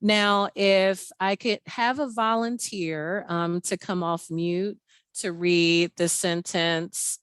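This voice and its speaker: A woman's voice: on the low side, fairly bright tone, clean tone, dry recording. A woman presenting a training webinar over a video call, explaining an exercise step by step and laughing often.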